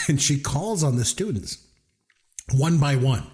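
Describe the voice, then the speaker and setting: A man's voice: mid-range voice, lively intonation, slow pace, a little mellow. A middle-aged man from Canada, co-hosting a podcast and telling a funny story about his kids in casual chat, laughing often. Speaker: podcast co-host.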